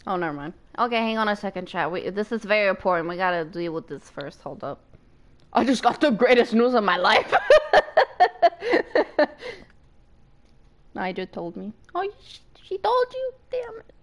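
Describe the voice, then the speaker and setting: Brief: young woman streamer, excitable and swearing a lot; gravelly, swings wide in pitch. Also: a little fast. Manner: excitable, squeals and laughs, swears freely. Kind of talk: casual live-stream chat with viewers.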